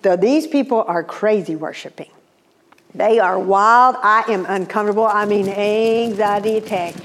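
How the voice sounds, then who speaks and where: A woman telling a personal testimony in an animated, exclamatory, humorous way. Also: mid-range voice, moderate pace. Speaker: speaker. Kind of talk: testimony storytelling.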